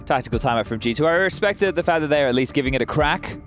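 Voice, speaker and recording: A man giving measured, analytical color commentary on a live esports match, with frequent hesitations. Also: on the high side, expressive, faint music behind.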